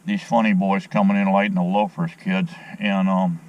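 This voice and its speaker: A man's voice: low-pitched, little pitch movement, normal speed, darkish tone, poor audio. A middle-aged man chatting in a folksy, rambling way while fishing outdoors on a dock, talking to the camera on a handheld phone. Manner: folksy, rambling, opinionated, many fillers. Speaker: fishing vlogger. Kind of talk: casual rambling vlog chat.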